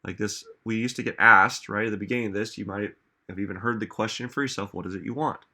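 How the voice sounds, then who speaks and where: Bright-toned man asking rhetorical questions. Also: fairly low pitch, steady tone, fast talker. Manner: musing, asks many rhetorical questions. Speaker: self-help speaker. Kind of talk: reflective motivational talk.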